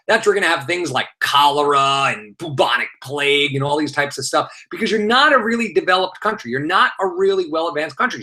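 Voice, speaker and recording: Animated male teacher, bright and slightly high voice, energetic live review. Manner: energetic, animated delivery with fillers and playful asides. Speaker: teacher leading an exam review. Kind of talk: live online review session.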